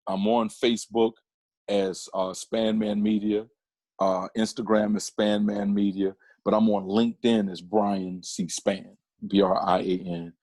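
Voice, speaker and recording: A man talking as a podcast guest in a casual interview, an animated storyteller who often restarts his sentences. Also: sits low, slightly rough, no room sound. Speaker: podcast guest, comedian and photographer.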